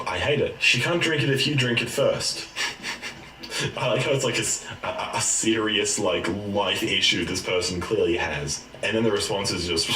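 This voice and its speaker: A young man giving jokey, animated commentary on memes, laughing often as he goes. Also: mid-range voice, reverberant, recorded from a distance, rough recording. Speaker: YouTuber. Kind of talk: casual meme commentary.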